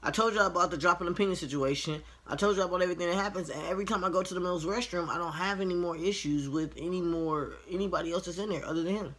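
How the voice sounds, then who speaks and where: A man's voice: high-pitched, rapid-fire, hardly any pauses, a bit bright. A man casually telling a work story to camera, frank and profane, acting out each side of the conversation. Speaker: line cook.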